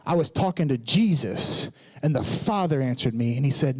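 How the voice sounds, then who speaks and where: A man in his thirties preaching, telling a personal testimony in a casual, animated storytelling way. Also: medium pitch, moderate pace, low-quality recording.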